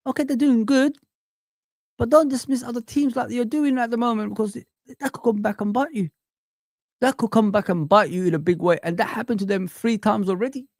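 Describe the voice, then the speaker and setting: A man hosting a live chat stream, ranting in an animated, exasperated way with repeated phrases. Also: very high-pitched, a little fast, dry recording, clean studio sound.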